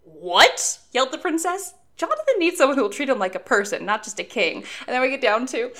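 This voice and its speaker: A woman's voice: high voice, very animated, fast talker, a bit bright. A woman in casual conversation recapping a fantasy novel, laughing often and acting out characters' lines. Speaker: podcast co-host. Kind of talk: casual book discussion.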